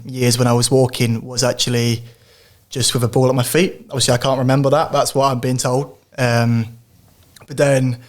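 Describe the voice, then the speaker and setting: Teen english lad guesting on a podcast, polite, um-ing a lot, pretty monotone. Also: male voice, mid-range voice. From England. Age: teens. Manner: polite, hesitant, with many fillers. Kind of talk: casual interview.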